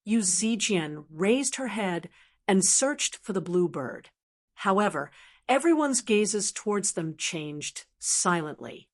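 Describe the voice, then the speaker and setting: A woman reading fantasy audiobook narration in a steady, even manner. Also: mid-range voice, slow.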